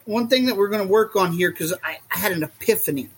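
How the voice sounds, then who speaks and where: A man talking as a guest in a casual podcast chat, rambling and animated, often acting out what others say. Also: high-pitched, fast, breathy edge. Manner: rambling and animated, acts out quotes. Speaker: guest, reptile keeper.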